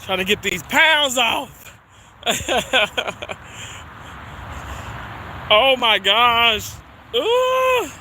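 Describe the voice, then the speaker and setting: A man's voice: very high voice, sing-song, drawn-out words, pauses often, bright, forceful tone, slight background noise. A chatty man livestreaming outdoors on a snowy street, laughing often, a little winded from walking and talking to viewers. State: slightly winded from walking uphill. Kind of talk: casual walking livestream chat.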